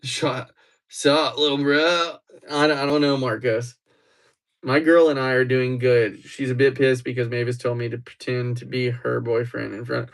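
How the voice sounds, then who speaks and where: A man's voice: mid-range voice, creaky. Playful man chatting on a livestream. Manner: playful, teasing, quick to get excited. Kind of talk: casual livestream chat with viewers.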